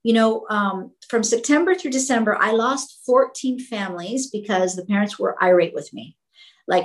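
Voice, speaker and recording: A woman's voice: fairly high pitch, expressive, moderate pace, low-quality recording. A woman who owns a school answers interview questions with passion, speaking emphatically and repeating words when she gets fired up. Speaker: school owner.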